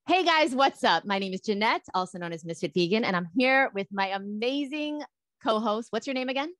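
A woman hosting a casual quiz chat, excitable and quick to exclaim. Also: fairly high pitch, dry recording. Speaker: show host.

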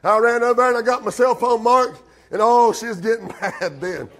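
High-voiced pastor preaching. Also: male voice, fairly quick, a bit bright. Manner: fervent preaching, calls out congregants by name; drawling with frequent "uh" and "amen". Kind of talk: sermon. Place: church sanctuary.

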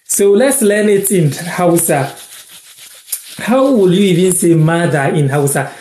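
A man from Ghana teaching words in a casual live-stream lesson, repeating each word slowly and thanking viewers by name. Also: sits high, animated, mellow, echoey room, a little hiss or hum.

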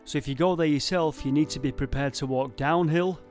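A man's voice: fairly high pitch, fairly quick, a little mellow, soft background music. A man from Manchester, chatting enthusiastically through a casual travel vlog. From Manchester, England. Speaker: vlogger.

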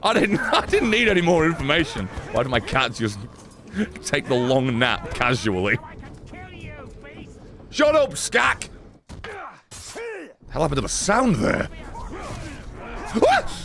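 A man giving sarcastic, excitable let's-play commentary, swearing often and talking back to characters in the game. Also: fairly high pitch, slow, creaky, long pauses. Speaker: gaming streamer.

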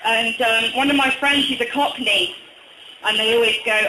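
A man with a slight northern English accent, from Durham, doing a hesitant stand-up comedy set full of ums and deadpan one-liners. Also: extremely high pitch, normal speed, slight background noise. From Durham, England. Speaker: stand-up comic. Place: small bar venue, indoors. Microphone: phone recording from the audience. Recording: echoey bar, phone-recorded.

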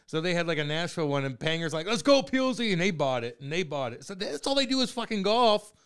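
A man's voice: on the high side, fast, smooth. A man co-hosting a podcast in casual banter, telling stories animatedly, swearing a lot and acting out what others said. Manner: animated storyteller, swears a lot, acts out quotes. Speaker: podcast co-host.

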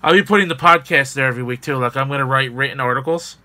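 A man's voice: medium pitch, quick pace, sharp tone. A man hosting a casual gaming news podcast, rambling with fillers and jokes. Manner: rambling, filler-heavy, joking. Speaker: podcast host.

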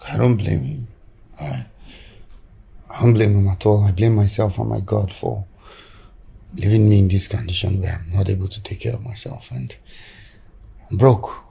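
A man playing a humble, apologetic husband in a Nigerian film drama, calm and with a Nigerian accent. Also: lowish voice, normal speed, creaky, pauses often, husky, exaggerated voice.

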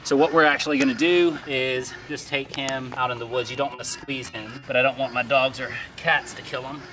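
A man's voice: mid-range voice, fairly even intonation, fairly quick, a bit bright, slight background noise, rough recording. A man filming a casual farm vlog outdoors, chatting in a laid-back way while handling a snake. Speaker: farm vlogger.

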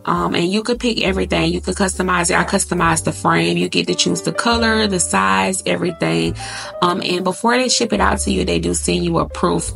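A woman's voice: fairly low pitch, gravelly, a bit bright. A woman, chatting casually to her viewers in a home vlog and calling them y'all and girl. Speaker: vlogger. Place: at home, in a walk-in closet. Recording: echoey home room, faint music.

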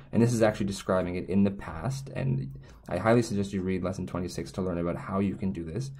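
A man's voice: low voice, dark tone. A man explaining Korean signs in a casual lesson, rambling and restarting often as he drifts onto tangents. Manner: rambling, self-correcting, frequent restarts and tangents. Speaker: Korean language teacher.

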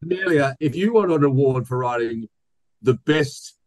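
A man's voice: medium pitch, animated, normal speed, darkish tone, dry recording, rough recording. A man co-hosting a podcast, chatting casually and joking while reading listener mail aloud. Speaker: podcast co-host. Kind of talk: casual chat.

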